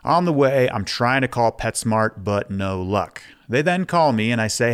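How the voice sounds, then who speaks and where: A man's voice: medium pitch, expressive, normal speed, clean tone. A man hosting a podcast, talking frankly and casually, with some swearing. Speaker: podcast host. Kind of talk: candid podcast monologue.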